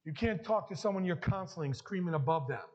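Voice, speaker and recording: A man preaching a sermon as pastor, emphatic and rising to loud bursts. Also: high voice, expressive, fairly quick. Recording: dull lo-fi sound.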